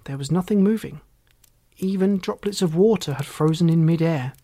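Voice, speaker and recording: A storybook narrator reading a children's tale aloud at an easy, gentle pace. The voice sits in a middle register, neither notably high nor low, and the delivery stays calm and measured. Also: no echo.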